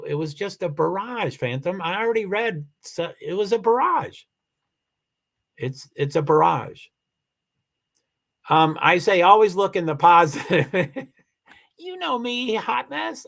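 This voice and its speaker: Man, livestream host, a touch higher-pitched, halting casual delivery, insistent streak. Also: creaky, a bit bright. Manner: halting, many restarts, firm and insistent when annoyed. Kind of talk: casual livestream chat reading comments.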